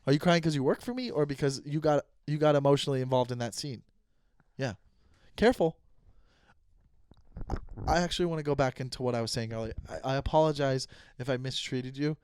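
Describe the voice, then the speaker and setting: A man's voice: mid-range voice, brisk, pauses often, darkish tone, clear, resonant tone, dry recording, studio quality. A man hosting his own comedy podcast, talking in a casual, rambling, mock-earnest way and stumbling over his words.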